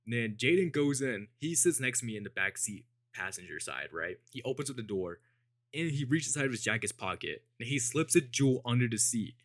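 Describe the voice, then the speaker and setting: A man's voice: mid-range voice, big pitch swings, a little fast, a bit bright, no echo, clean studio sound. A young adult man, a vlogger telling a casual, profane story with a laid-back manner and frequent laughter.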